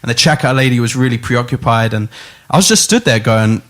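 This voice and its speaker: A man's voice: medium pitch, lively intonation, fairly quick, fairly bright tone. A man hosting a casual podcast, telling a rambling anecdote with frequent laughs. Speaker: podcast host.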